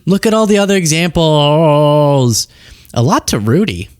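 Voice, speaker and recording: A man's voice: on the high side, sing-song, measured pace, darkish tone, clear, resonant tone, dry recording, clean studio sound. A man hosting a political commentary show, talking casually with a sarcastic, laughing, mocking manner and a trace of a Southern US accent.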